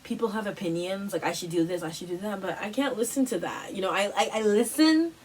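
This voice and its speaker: A woman's voice: medium pitch, brisk. Woman doing a chatty wellness pep talk, loops back on herself a lot, kinda far from the mic, light hiss in the room. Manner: animated, repetitive, lots of "like" and "you know". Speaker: host of a wellness workshop. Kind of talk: casual motivational talk.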